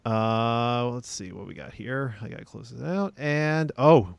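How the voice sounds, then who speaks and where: A man's voice: medium pitch, unhurried, gravelly, clean tone, no room sound. A man co-hosting a podcast in casual chat, hesitant, with many ums and restarts. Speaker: podcast co-host.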